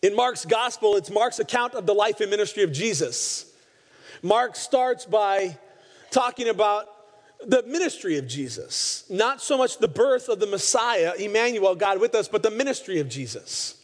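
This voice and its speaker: Retelling stories from scripture in a sermon, a high-voiced pastor speaks with animation at a moderate pace and performs each quoted line. His voice echoes with long hall reverb.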